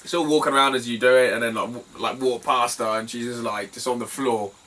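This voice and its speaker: A man's voice: medium pitch, fairly even intonation, a little fast, fairly bright tone, far from the mic, low-quality recording. A British man chatting casually in a vlog about his retro game finds, rambling, swearing freely and laughing as he tells stories. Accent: British English. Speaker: retro game collector vlogger.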